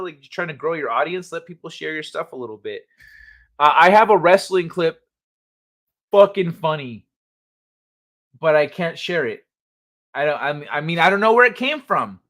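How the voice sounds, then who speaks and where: A man hosting a late-night live stream, chatting casually, swearing freely and telling stories with animated sound effects. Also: sits high. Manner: laid-back, profane, animated storytelling.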